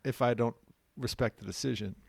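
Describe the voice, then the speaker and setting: Gravelly-voiced man hosting a casual podcast. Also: medium pitch, fairly even intonation, fairly quick, dry recording. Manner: joking, rambling with ums. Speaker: podcast host. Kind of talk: casual chat.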